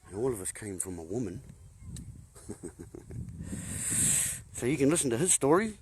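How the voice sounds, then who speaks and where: A man's voice: medium pitch, big pitch swings, normal speed, background noise. A man giving a rambling monologue to viewers, punning as he goes, chuckling at his own jokes and calling his listeners folks. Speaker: host.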